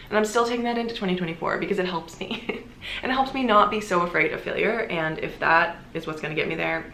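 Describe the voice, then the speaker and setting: A woman's voice: on the low side, vocal fry, a bit bright, slight background noise. A young woman vlogger talking casually and earnestly to camera, full of "like"s. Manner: chatty, earnest, many filler "like"s. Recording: echoey room.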